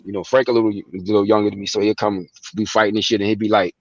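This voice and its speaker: A man's voice: fairly low pitch, flat delivery, very fast, no room sound, dull audio. A man in casual livestream chat, telling loose stories full of slang and acting out quoted voices, talking over a phone. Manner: loose storytelling, acts out quotes, heavy slang. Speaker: guest, son of the movie's real subject. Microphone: phone over online stream.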